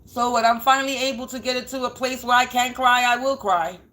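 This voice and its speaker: Woman, fairly high voice, defiant, emotional, repetitive vlog monologue. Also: steady tone, fairly quick, pushed and bright. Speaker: spiritual reader and vlogger.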